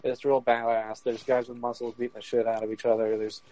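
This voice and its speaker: A man's voice: mid-range voice, flat delivery, fairly quick, mellow, low-quality recording. A man co-hosting a podcast in casual chat, rambling with many fillers and laughing often. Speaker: podcast co-host.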